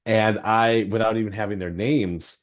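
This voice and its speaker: Man, low voice, chatty rambling storyteller, self-deprecating, dull recording. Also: fairly even intonation, moderate pace. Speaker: novelist guest. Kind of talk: anecdotal storytelling in podcast interview.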